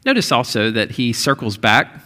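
A man's voice: mid-range voice, very animated, normal speed, pushed and bright. A male pastor giving a conversational sermon, with frequent restarts and rising, emphatic stretches.

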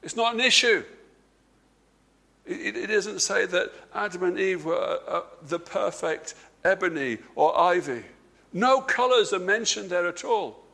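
A man preaching a sermon, stressing key words by slowing down and dropping his voice, with frequent repeated words and restarts. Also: expressive, gravelly, bright, forceful tone. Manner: emphatic, slows and drops low on key words.

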